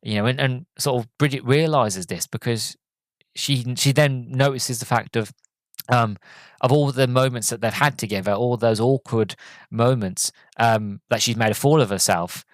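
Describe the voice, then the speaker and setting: A man's voice: mid-range voice, normal speed, no room sound. Male podcast host, mid-range voice, casual rambling review with many restarts, dry sound. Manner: rambling, self-correcting retelling. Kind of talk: solo movie review chat.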